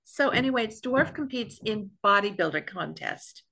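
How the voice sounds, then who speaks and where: A woman's voice: medium pitch, expressive, moderate pace, gravelly, pushed and bright, husky. A woman from New York hosting a podcast, telling stories in casual chat and laughing often. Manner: chatty storyteller, laughs often. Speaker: podcast host.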